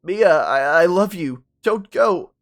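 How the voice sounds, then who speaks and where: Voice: mid-range voice, animated, takes it slowly, darkish tone. A narrator voicing a frightened young male student who stammers and pleads. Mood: pleading.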